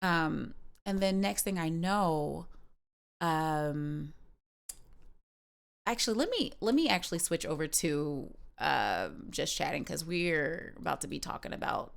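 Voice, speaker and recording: A woman's voice: low voice, lively intonation, measured pace, vocal fry. A woman streamer talking in a rambling, candid way, with many fillers and restarts. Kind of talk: casual personal chat on a livestream.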